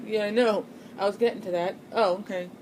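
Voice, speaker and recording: A woman's voice: medium pitch, fairly even intonation, a little fast, background noise. A young woman telling a personal ghost story in a casual, rambling way, full of fillers and restarts. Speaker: channel host.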